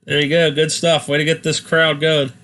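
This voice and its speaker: A man's voice: fairly high pitch, level tone, normal speed, a bit bright. A man co-hosting a podcast in casual chat, making crude joking asides, swearing and laughing along.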